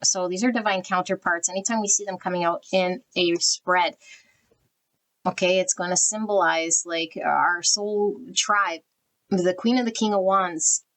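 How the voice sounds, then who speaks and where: A woman's voice: on the low side, fairly even intonation, unhurried, fairly bright tone, rough recording. Rambling woman reading tarot cards. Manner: rambling, lots of fillers, self-corrections. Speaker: tarot reader. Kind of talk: casual intuitive tarot reading.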